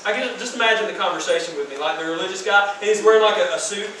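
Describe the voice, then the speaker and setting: A man preaching a sermon as youth pastor in a casual, slangy, animated way, in a large room. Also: sits high, rapid-fire, a little hiss or hum. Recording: echoey room from far off.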